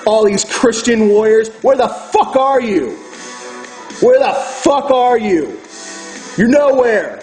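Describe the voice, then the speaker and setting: A man's voice: high voice, a little mellow, rough recording. A man delivering a furious, profane ranting monologue as host of his own video channel, preaching to his viewers.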